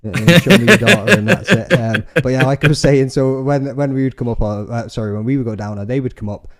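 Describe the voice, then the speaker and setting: A young man hosting a podcast, telling sweary, animated stories in casual chat. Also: medium pitch, fast, a loud crowd. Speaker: podcast host.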